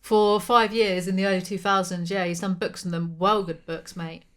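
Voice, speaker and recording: A woman's voice: mid-range voice, flat delivery, normal speed. Sweary young English woman bantering. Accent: London English. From England. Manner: blunt, sweary, teasing, laughs often. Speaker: podcast co-host. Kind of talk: casual banter podcast.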